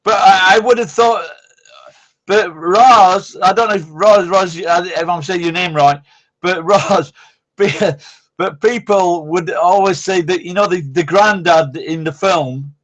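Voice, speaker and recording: Speaking slowly in a high-pitched, fairly bright voice, a man runs a casual live-stream chat. He rambles, stays blunt, and is heavily profane throughout.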